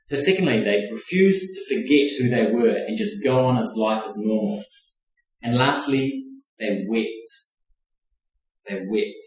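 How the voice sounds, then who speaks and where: A man preaching a sermon, reflective and conversational, often hedging with fillers as he teaches. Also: fairly low pitch. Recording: very echoey, distant mic, dull lo-fi.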